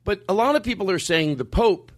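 A male comedian on a podcast, ranting with a high voice that climbs and dips all over the place. He swears freely and builds from calm explaining into heated shouting. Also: fairly quick. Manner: emphatic, profane, swings from calm to shouting. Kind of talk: comedic rant.

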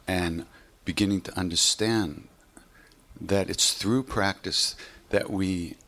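A man's voice: low voice, fairly bright tone, slight background noise. A man teaching meditation in an informal, conversational way, rambling with frequent "you know"s and self-corrections. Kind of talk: informal spiritual talk.

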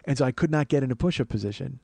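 Male podcast host, rapid, profane, self-mocking storyteller, dry close sound. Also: mid-range voice, creaky, mellow, breathy edge, no room sound. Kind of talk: casual comedic storytelling.

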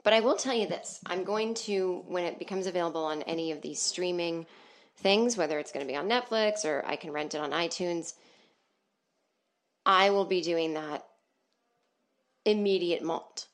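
A woman's voice: lowish voice, normal speed. A woman hosting her comedy podcast, rambling and self-deprecating, swearing freely from a small soundproof booth. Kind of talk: casual comedic monologue.

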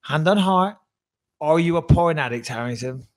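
A man co-hosting a podcast, giving fight picks in animated, teasing casual chat with emphatic repetition. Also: fairly high pitch, moderate pace. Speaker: podcast co-host and fight pundit.

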